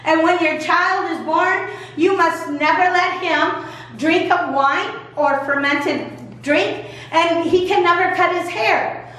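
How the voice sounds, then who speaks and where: A woman's voice: very high-pitched, slow, fairly bright tone, voice pushed up, full character voice. A woman doing a firm, instructive angel. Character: solemn, instructive angel messenger. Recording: echoey church room from far off.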